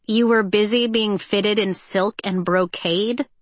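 A woman's voice: mid-range voice, steady tone, slow, no room sound, lightly acted. A woman voicing a guarded, practical teenage girl mechanic with a wry, matter-of-fact manner.

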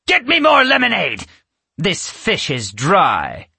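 A cruel, snapping witch, played by a man reading a storybook aloud, who turns from icy menace to shrieking rage. Her voice sits high, with swooping pitch and a husky grain, in a dry, close recording. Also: very animated, unhurried, a bit bright, no echo, full character voice. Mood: imperious. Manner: snapping, menacing, bursts into screams. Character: cruel, spiteful female witch who keeps children.

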